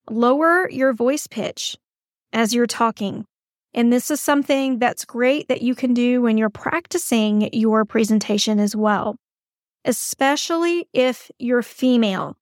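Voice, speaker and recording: A woman's voice: a little high, dry recording, studio quality. A woman hosting an advice podcast, talking in a chatty, encouraging and emphatic way. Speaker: podcast host.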